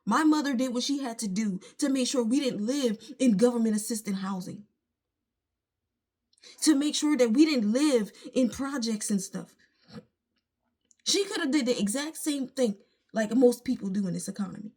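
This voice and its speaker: A woman's voice: on the high side, expressive, normal speed, darkish tone. A woman, venting her frustration emphatically to a phone camera at home. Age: late 20s. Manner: frustrated, emphatic ranting with religious asides. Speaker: vlogger. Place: at home, indoors.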